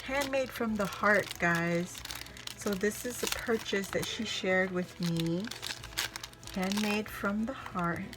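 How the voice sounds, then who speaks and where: A woman vlogger from Hawaii excitedly unboxing handmade craft mail, gushing and exclaiming over each piece. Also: medium pitch, slow pace, background noise. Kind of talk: casual unboxing chat. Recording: music playing in the background.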